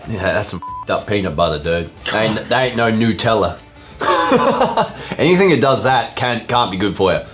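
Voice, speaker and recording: A laid-back Australian man talks bluntly and swears freely in a played video clip. His voice sits fairly low, and the recording sounds dull and muffled, with faint music underneath. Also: very animated, normal speed. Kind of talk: casual banter in a video clip.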